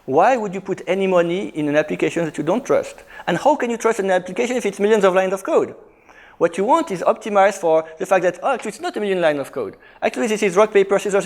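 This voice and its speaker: A man speaking at a conference, a little higher-pitched than most men. He explains technical ideas emphatically and often restarts his sentences as he pushes his point. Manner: emphatic, quick, frequent restarts. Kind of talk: technical talk.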